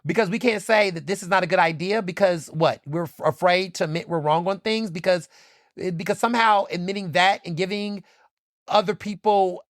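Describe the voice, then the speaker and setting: A high-voiced man from Philadelphia, talking a little fast, delivers passionate solo commentary on his podcast, swearing, repeating himself for emphasis and saying "like" a lot. It's a dry, studio-quality recording.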